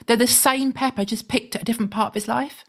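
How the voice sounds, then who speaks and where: A woman's voice: fairly high pitch, steady tone, fast, vocal fry. A woman co-hosting a podcast, chatting casually and explaining facts with dry jokes. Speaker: podcast co-host. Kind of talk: casual chat.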